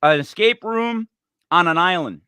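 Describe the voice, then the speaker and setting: Animated high-voiced male talk show host. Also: measured pace, clear, resonant tone, no room sound. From Italian-American. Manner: animated, digressive, joking. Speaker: podcast host. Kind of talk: rambling comedic talk show chat.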